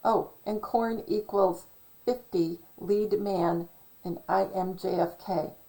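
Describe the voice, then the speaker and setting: A woman's voice: medium pitch, fairly even intonation, takes it slowly, warm tone, rough recording. A woman hosting her own channel, talking in a casual, rambling monologue that keeps correcting itself and drifting off track. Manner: chatty, self-correcting, digressive. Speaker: channel host.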